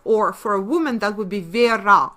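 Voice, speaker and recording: A woman's voice: medium pitch, moderate pace, a bit bright. A woman with a Russian accent, a native Russian speaker, giving a webinar lecture on word origins. She talks emphatically and keeps posing rhetorical questions, then answering them herself. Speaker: webinar presenter.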